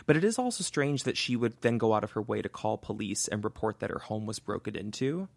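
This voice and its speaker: Man, podcast co-host, casual true-crime chat, gravelly, dry close sound. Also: lowish voice, expressive, a little fast, no echo. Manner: thinks aloud while retelling a case.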